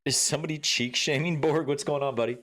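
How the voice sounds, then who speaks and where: A man's voice: fairly high pitch, steady tone, fast, a bit bright. A man casually chatting with viewers during a gameplay livestream, swearing freely, laughing and greeting chat by name.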